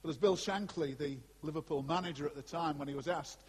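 A man preaching a sermon to a congregation in an animated, conversational way, with asides to his listeners. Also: on the high side, fast, few pauses, breathy edge. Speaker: pastor. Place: church before a congregation. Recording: long hall reverb.

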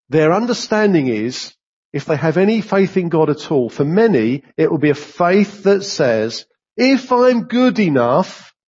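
Male preacher delivering a sermon: husky, high-pitched, dull lo-fi recording. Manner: animated, rising sharply when voicing complaints to God.

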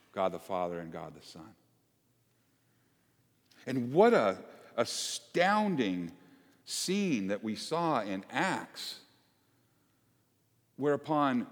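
A man preaching to his congregation in a relaxed, conversational way, throwing questions out to the pews. His voice sits at an ordinary middle pitch. The sound carries the long reverb of a church sanctuary. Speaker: pastor. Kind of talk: sermon.

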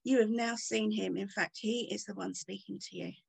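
A woman reading aloud, softly and quietly, as a calm male teacher. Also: mid-range voice, normal speed, vocal fry, husky. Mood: gentle.

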